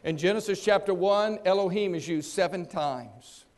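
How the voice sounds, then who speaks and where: A man preaching a sermon, acting out the people in the story and swinging between loud and soft. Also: sits high, normal speed. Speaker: pastor.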